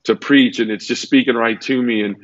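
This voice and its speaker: A man's voice: medium pitch, fairly even intonation, brisk, no room sound, dull audio. A man earnestly telling his personal conversion story in a conversational interview, tumbling through it with restarts. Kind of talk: conversational testimony.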